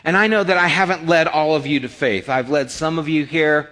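A middle-aged male pastor preaching a sermon, telling personal stories and acting out the dialogue with rising excitement. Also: on the high side, brisk.

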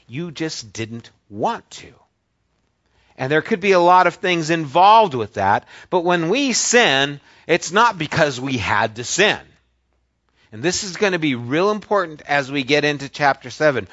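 A man preaching a sermon, teaching through a passage and stressing key words with drawn-out pauses. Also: on the high side, a bit bright, dry recording. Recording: dull lo-fi dry recording.

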